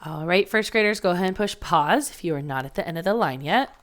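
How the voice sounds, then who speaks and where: A woman's voice: lowish voice, expressive, fast, fairly bright tone. A woman teaching a first grade phonics lesson, patiently sounding out letters and words for young children.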